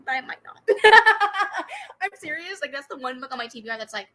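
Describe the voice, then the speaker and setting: A woman's voice: high-pitched, expressive, normal speed, sharp tone, poor audio. A young woman hosting a casual reading livestream, chatting animatedly and giggling as she answers comments. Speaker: booktube livestream host. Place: home room with a fan running.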